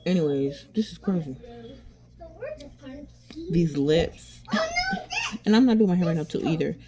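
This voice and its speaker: A woman's voice: low-pitched, a little slow, crowd noise. A woman chatting casually while doing her makeup, rambling and candid, often restarting and repeating herself, with frequent swearing. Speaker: beauty vlogger.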